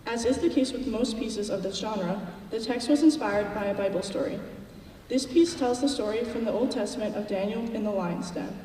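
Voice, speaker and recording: A woman's voice: mid-range voice, moderate pace, mellow. A woman formally reading out the introduction to a choral piece at a school concert. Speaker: concert program announcer. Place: school auditorium. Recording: distant, echoey hall with faint noise.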